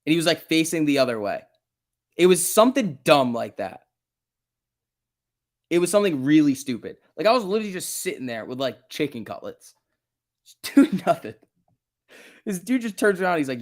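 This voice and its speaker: With a New Jersey accent, a man hosts a casual stock market livestream, reading chat, telling stories and laughing often. His voice is on the high side and very animated, fairly quick, with frequent pauses.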